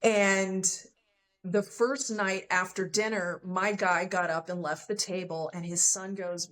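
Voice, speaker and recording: A woman's voice: on the low side, steady tone, slow, a bit bright. A woman sharing a personal love story as a podcast guest, candid and emotional, often quoting what others said to her.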